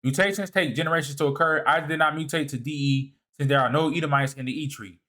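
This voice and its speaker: A man presenting a lecture over slides in a casual, halting way. He often repeats and restarts his words, checks in with "all right?", and swings between emphatic rises and low muttered asides. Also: steady tone, sharp tone. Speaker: presenter of a video series. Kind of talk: lecture walking through slides.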